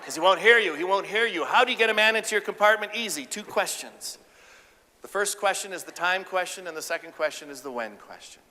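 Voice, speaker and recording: A man giving an animated, humorous keynote speech about relationships on a conference stage. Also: high voice, a little fast, a little hiss or hum. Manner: animated, acts out voices, audience banter. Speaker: keynote speaker and relationship counselor. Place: conference stage before a live audience. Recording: echoey conference hall.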